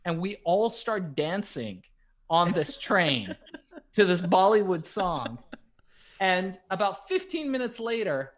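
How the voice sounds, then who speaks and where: A man's voice: high voice, takes it slowly. Podcast guy telling a story, voice swings all over the place, lots of you-knows. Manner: animated, vivid storyteller with lots of fillers. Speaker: podcast co-host. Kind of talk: casual storytelling chat.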